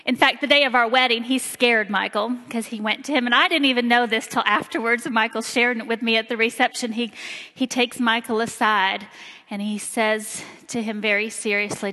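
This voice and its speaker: A woman in her forties from Indiana, giving a personal talk in church with slow, emphatic storytelling. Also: a little high, sharp tone. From Indiana, USA. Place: church sanctuary. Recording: long hall reverb.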